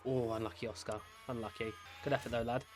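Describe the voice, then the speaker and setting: A man narrating his racing management game playthrough in a mid-pitched voice, talking his drivers through every move. Game music sits faintly behind him. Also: flat delivery, fast talker. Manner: chatty, cheers drivers on. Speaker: gaming creator. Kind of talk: excitable gameplay commentary.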